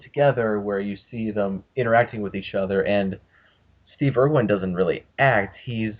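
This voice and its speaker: A man's voice: lowish voice, moderate pace. A man hosting a casual podcast, rambling and swearing freely as he talks. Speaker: podcast host. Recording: muffled lo-fi audio.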